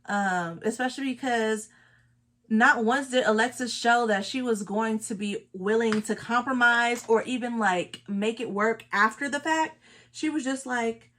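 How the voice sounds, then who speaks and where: A woman's voice: fairly high pitch, measured pace, fairly bright tone. A woman from Los Angeles, a beauty vlogger chatting casually while doing her makeup, emphatic and repeating her points. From Los Angeles, California.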